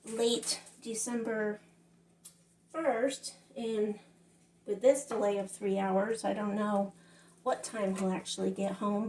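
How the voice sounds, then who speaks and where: A woman's voice: medium pitch, darkish tone, far from the mic, slight background noise. A middle-aged woman with a Southern US accent chatting to her viewers while she cooks at home, rambling and addressing them as y'all. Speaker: cooking vlogger. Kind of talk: casual kitchen vlog chat. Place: home kitchen. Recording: echoey kitchen, voice from off-mic.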